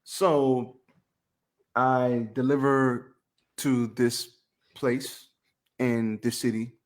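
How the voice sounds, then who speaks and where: Speaking extremely slowly in a level, mid-range voice, a man co-hosts a podcast from a home studio on camera. His casual storytelling is relaxed and full of slang.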